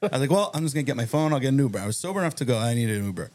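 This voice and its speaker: A man telling a long, animated story on a podcast, acting out the other people in it. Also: mid-range voice, racing. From Massachusetts. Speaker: guest storyteller. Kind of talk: casual anecdote on a podcast.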